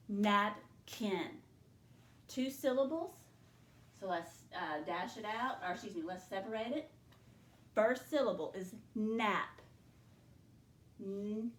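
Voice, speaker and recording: A woman's voice: fairly high pitch, far from the mic. A woman teacher leading a spelling dictation lesson, patiently sounding out words letter by letter. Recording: echoey room, voice from the mic.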